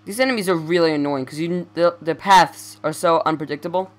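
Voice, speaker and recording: A man's voice: a little high, brisk. A young man giving casual let's play commentary, rambling and stammering as he corrects himself.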